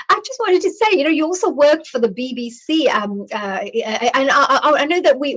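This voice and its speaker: A woman's voice: fairly high pitch, fairly bright tone, slightly rough, rough recording. A woman hosting an interview on a video call, full of praise and using many fillers. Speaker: host. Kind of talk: conversational interview.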